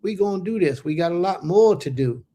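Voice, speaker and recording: A man's voice: high-pitched, lively intonation, brisk, warm tone. A man giving a casual livestream Bible lesson, speaking directly to his viewers in an informal, slangy way. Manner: conversational, talks to viewers directly. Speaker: Bible teacher.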